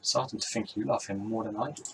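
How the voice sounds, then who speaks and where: A man's voice: fairly low pitch, steady tone, fast, noisy background, natural voice. A man voicing a blunt, sarcastic young woman who is impatient and talks in dry, exasperated put-downs. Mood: mocking.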